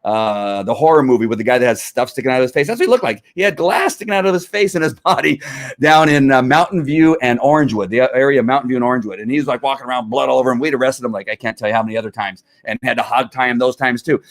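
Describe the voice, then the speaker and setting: A man's voice: medium pitch, quick pace. A middle-aged man, a former police officer, riled up and ranting in heated commentary, full of restarts. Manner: riled up, animated, talks over himself with restarts.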